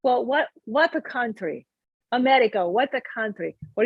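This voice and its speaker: A woman's voice: a little high, lively intonation, normal speed, husky, no echo, lo-fi sound. A woman comedian in her forties from Canada, a guest chatting casually in an interview with a wry, joking manner.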